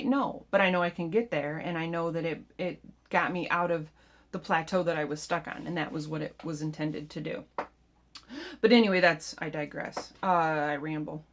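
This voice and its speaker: Rambling, frustrated woman vlogger. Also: deep voice. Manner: rambling, frustrated, self-interrupting. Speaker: keto vlogger. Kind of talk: casual vlog monologue.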